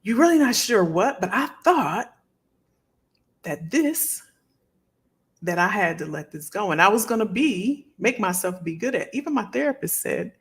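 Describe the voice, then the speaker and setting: Woman, middle-aged, live stream host, husky voice, casual heartfelt chat, repeats herself. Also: medium pitch, very animated, normal speed. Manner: heartfelt, repeats phrases, talks straight to viewers.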